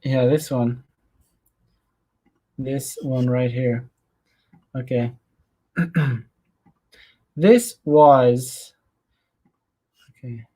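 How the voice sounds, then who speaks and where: A man's voice: mid-range voice, drawn-out words, long pauses, dark tone. A man hosting his own show, talking loosely with many fillers and restarts. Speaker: host. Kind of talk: casual solo livestream commentary.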